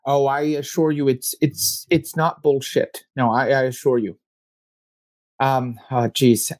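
A man's voice: mid-range voice, little pitch movement, measured pace, a little mellow, no echo. A man narrating as game master of a tabletop game, hesitant and full of fillers, often laughing. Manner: hesitant, filler-heavy, easily amused.

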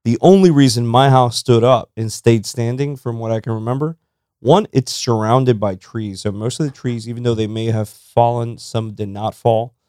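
A man's voice: medium pitch, moderate pace, a little mellow, no echo, clean studio sound. Laid-back man telling stories. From South Florida. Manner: laid-back storyteller, uses "bro". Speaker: podcast co-host. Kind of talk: casual chat over beers.

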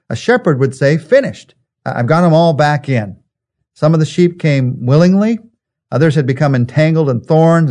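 A man's voice: mid-range voice, darkish tone. A man preaching a sermon in an earnest way, building his points through repetition. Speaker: pastor.

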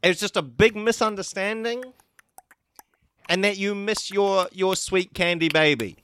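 A man's voice: sits high, measured pace, fairly bright tone, clear, resonant tone. A young man with a New Zealand accent improvising a comedy sketch as a mock news reporter.

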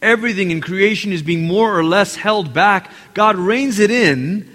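A man's voice: high-pitched, normal speed. A man preaching a sermon to his congregation as pastor, talking animatedly and acting out quotes. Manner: animated, acts out quotes, addresses congregation directly. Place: large church hall. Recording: long hall reverb.

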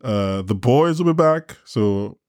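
A man's voice: on the low side, animated, slow, a little mellow, dry recording, studio quality. A man hosting a podcast, chatting casually and wrapping up the show. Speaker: podcast host.

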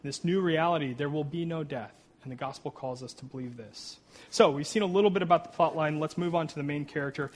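A man's voice: fairly high pitch, fast talker. A man preaching a sermon, earnest, reading scripture aloud and tossing in "right?" asides and self-deprecating jokes. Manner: reads scripture aloud with rising emphasis. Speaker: pastor.

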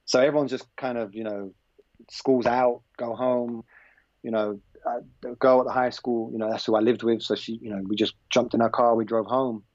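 A man's voice: medium pitch, little pitch movement, normal speed, a little mellow, no echo. A man from England, guesting on a podcast and telling a personal story in a loose, conversational way. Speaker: podcast guest, basketball coach. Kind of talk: casual storytelling in an interview. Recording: slightly dull, lo-fi podcast audio.

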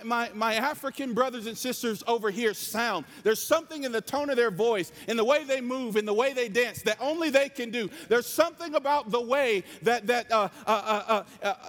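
Passionate Southern preacher, high-pitched man, big reverberant church sound. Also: a bit bright. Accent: Southern US, North Carolina. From North Carolina. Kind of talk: sermon.

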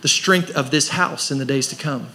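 A man's voice: medium pitch, moderate pace, vocal fry, sharp tone. A man preaching a sermon as pastor of a church, pressing his points with rhetorical questions and rising emphasis. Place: church service.

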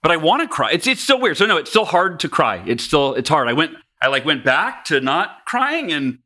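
A man in his forties, a podcast guest, telling candid personal stories in an animated, self-mocking way. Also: a little high, normal speed.

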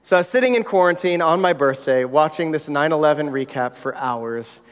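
A man's voice: a little high, expressive, a little fast, clear, resonant tone. A man in his thirties giving a sermon, telling a personal story in a conversational way with many fillers. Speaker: pastor. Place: church hall. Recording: reverberant hall.

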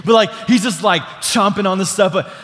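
Youthful pastor preaching in a reverberant hall. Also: male voice, high voice, fairly quick, fairly bright tone. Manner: casual, filler-heavy preaching with lots of "like" and restarts; asks the congregation questions and calls for responses. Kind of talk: sermon. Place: church sanctuary before a congregation.

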